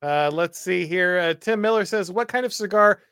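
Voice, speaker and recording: A man's voice: sits high, moderate pace, fairly bright tone, clear, resonant tone, dry recording. A male host casually reading viewer comments aloud with dry humor and frequent filler. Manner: dry, wry, reads chat aloud with filler "uh". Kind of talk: casual livestream chat.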